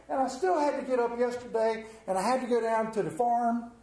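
A man with a high voice preaches a conversational sermon, spinning folksy, humorous stories. The sound carries a roomy church echo. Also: animated, brisk, a little mellow. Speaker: lay preacher. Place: church sanctuary.

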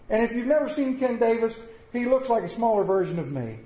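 A man preaching a sermon as pastor, swinging between loud emphatic bursts and quiet, soft-spoken asides. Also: very high-pitched, big pitch swings, a little fast, few pauses. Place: church sanctuary with congregation. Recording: roomy church echo.

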